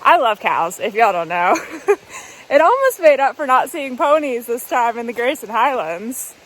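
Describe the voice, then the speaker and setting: A woman's voice: a little high, very animated, moderate pace. A woman vlogging as she walks a mountain trail outdoors, talking casually and upbeat to a handheld camera and laughing easily. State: walking on trail. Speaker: hiking vlogger.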